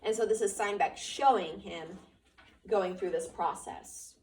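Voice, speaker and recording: A woman's voice: medium pitch, a little slow, a little mellow, recorded from a distance, slight background noise. A woman teacher reading a novel aloud to her class, stopping to explain words and check understanding.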